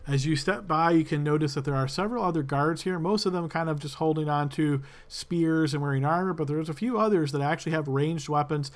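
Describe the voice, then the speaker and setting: A man's voice: a little high, a little fast, hardly any pauses. A man narrating a tabletop game as game master, describing loosely with many fillers.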